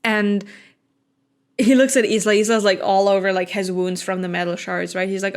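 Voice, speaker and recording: A woman co-hosting a podcast, recapping a book plot in casual chat and quickly acting out the characters' lines. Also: mid-range voice. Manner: animated, acts out characters' lines in quick asides, laughs often. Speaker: podcast co-host.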